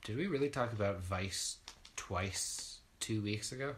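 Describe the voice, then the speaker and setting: Jokey bright-voiced young man. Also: on the low side, measured pace, a little hiss or hum. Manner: sarcastic, excitable, jokey. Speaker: podcast co-host. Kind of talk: casual movie chat.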